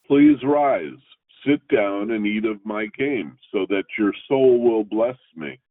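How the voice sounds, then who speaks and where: Male Torah teacher, measured reading with teaching asides, tinny radio broadcast. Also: on the low side. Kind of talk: scripture reading with commentary.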